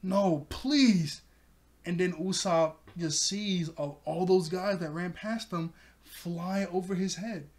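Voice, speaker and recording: A man's voice: high voice, fairly even intonation, a little slow. Chatty, giggly young man recapping. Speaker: anime reviewer. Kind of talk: casual episode recap.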